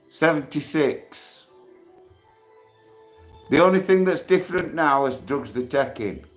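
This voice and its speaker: A man in his sixties talking casually on a live stream, giving shout-outs and speaking bluntly and heatedly, with free swearing. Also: mid-range voice, animated, a little slow, soft background music. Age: 60s.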